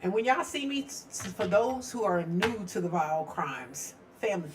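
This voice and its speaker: A woman's voice: medium pitch, expressive, normal speed, background noise. A middle-aged woman hosting a casual true-crime live stream from her home studio, chatty and rambling, laughing often.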